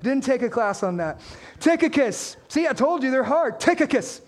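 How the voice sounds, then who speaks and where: A man preaching a sermon as pastor, energetic and conversational, asking the congregation questions and reading scripture aloud. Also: extremely high pitch, brisk.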